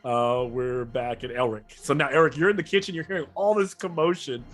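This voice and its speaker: A man's voice: medium pitch, steady tone, brisk. A man running a tabletop game as game master, talking in a rambling, casual way with many self-corrections.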